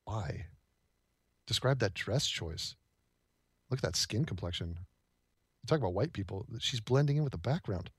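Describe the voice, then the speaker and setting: A man's voice: on the low side, expressive, moderate pace, pauses often, husky, dry recording, clean studio sound. A man reacting to videos with sarcastic, incredulous quips in casual commentary.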